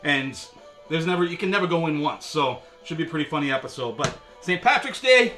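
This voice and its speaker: With music playing in the background, a man with a slightly high, expressive voice moves briskly through a casual beer review video. He chats, jokes, and leans on filler words, keeping a wry, sarcastic edge.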